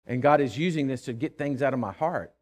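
A male pastor with a mid-range voice preaches a sermon a little fast, telling stories with emphasis. He swings between loud declarations and quiet asides, frequently stammering and restarting his words.

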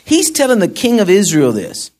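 A man's voice: high voice, huge pitch swings, normal speed, a little mellow. A man preaching a sermon in a folksy way, with asides to the congregation. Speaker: pastor.

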